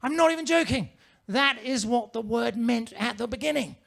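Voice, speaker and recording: A man doing a stand-up set on a comedy club stage. He speaks in a high, bright voice, with pompous, ornate phrasing. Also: lively intonation, normal speed, vocal fry.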